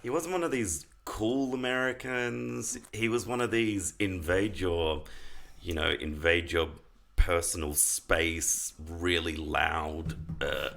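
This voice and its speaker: A man's voice: sits low, slow, gravelly, fairly bright tone. A man co-hosting a podcast, chiming in with dry jokes during a casual chat. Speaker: podcast co-host.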